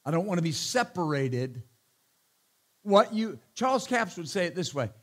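A man preaches in a notably high voice, punching his points with hallelujahs and amens. He is a middle-aged pastor who slips into teasing asides before returning to the sermon. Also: big pitch swings, moderate pace, fairly bright tone. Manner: emphatic, repeats hallelujah and amen, joking asides.

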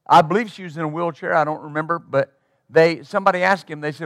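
A man's voice: fairly high pitch, fast, a bit bright, dry recording, studio quality. A man preaching a sermon as pastor, emphatic and acting out the replies of the people he quotes.

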